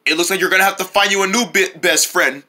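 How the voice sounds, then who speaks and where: A narrator of a homemade cartoon, speaking slowly and solemnly. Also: medium pitch, steady tone, pushed and bright.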